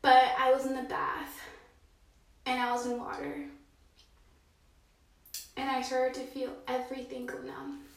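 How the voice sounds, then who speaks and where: High-voiced woman in an echoey bathroom. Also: completely flat delivery, unhurried, pauses often, slight background noise. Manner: rambling, heartfelt, drifting into hushed whispers. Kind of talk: confessional monologue. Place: dark bathroom, sitting in a bathtub. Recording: very echoey bathroom, mic at a distance.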